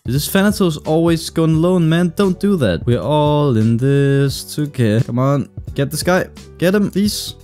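Excitable gamer guy with lively swings. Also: a little high, measured pace, few pauses, faint music behind. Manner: excitable, swears often, sudden loud outbursts. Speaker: gaming YouTuber. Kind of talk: live gameplay commentary.

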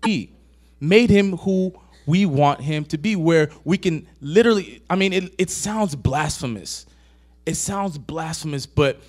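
A man's voice on the higher side leads a relaxed, chatty sermon for young adults in a church hall, questioning his listeners and retelling movie scenes.

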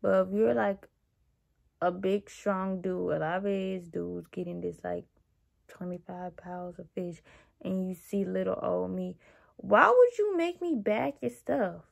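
A young woman telling a workplace story in a casual, animated, sassy way. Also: mid-range voice, unhurried, vocal fry. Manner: animated, sassy, petty venting with dramatic emphasis. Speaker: vlogger telling work stories.

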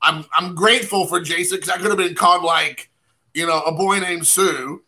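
A middle-aged man from the United States hosting a card-opening livestream, chatting in a rambling, excitable way and calling out to viewers. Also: high voice, moderate pace, rough recording. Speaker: card-breaking livestream host. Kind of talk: casual livestream chat while opening cards.

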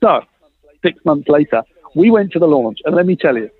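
A middle-aged man telling a story as a guest on a podcast. His pitch sits a bit high and leaps around as he acts out each quoted line with jokey, self-mocking flair. The sound is dry and thin, like a phone call, with a slightly husky edge. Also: normal speed, dry recording. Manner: lively storyteller acting out quoted dialogue. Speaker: guest, innovation consultant. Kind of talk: animated anecdote telling in a podcast interview.

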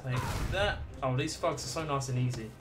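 A man with a mid-range voice livestreams a video game at a brisk clip, swearing and laughing as he chats casually with viewers over a noisy background. It's relaxed let's-play commentary from a gaming streamer.

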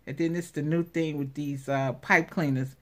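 A woman's voice: low-pitched, fairly even intonation, moderate pace, fairly bright tone. A woman vlogger unboxing craft supplies in casual commentary, gushing and exclaiming over each item. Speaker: craft vlogger showing giveaway prize.

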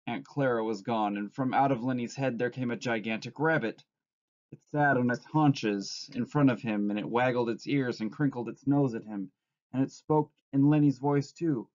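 Male teacher, calm read-aloud narration, mellow tone, dull lo-fi recording. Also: mid-range voice, normal speed. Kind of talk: reading a novel aloud.

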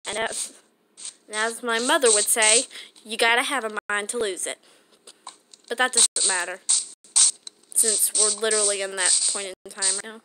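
A gaming channel host with a medium-pitched, fairly even voice chats to herself while playing, giving rambling, casual gameplay commentary at normal speed with frequent pauses. Loud background noise fills the recording.

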